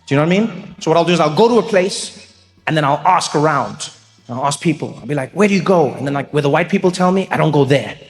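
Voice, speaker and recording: A man telling a story as a stand-up comedian, in an animated, playful way. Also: a little high, fast talker. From South Africa. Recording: long reverb with faint music.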